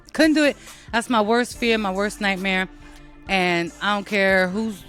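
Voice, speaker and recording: A woman's voice: a little high, a bit bright. An American woman hosting her own show, talking casually to listeners in a blunt, profane and self-mocking way. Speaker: podcast host.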